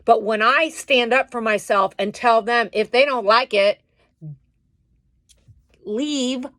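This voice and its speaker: A woman's voice: fairly high pitch, slow pace, no echo. A woman vents indignantly in a casual vlog, taking her time over each phrase. Her voice is close and dry, with no room sound around it. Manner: indignant, venting, animated retelling. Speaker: vlogger.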